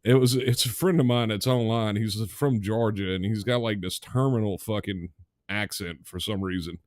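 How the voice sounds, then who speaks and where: A man's voice: lowish voice, moderate pace. A man co-hosting a podcast in casual chat. He laughs often, jokes, and swears freely. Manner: laughing, joking, profane. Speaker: podcast co-host.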